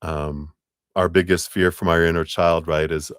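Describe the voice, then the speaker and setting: A man with a very low voice reads tarot cards live for a client. He talks gently and loosely, drifting through his thoughts with plenty of fillers. The sound is dry, with no room echo. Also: level tone, normal speed, clear, resonant tone. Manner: casual, rambling, gentle, full of fillers. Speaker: tarot reader.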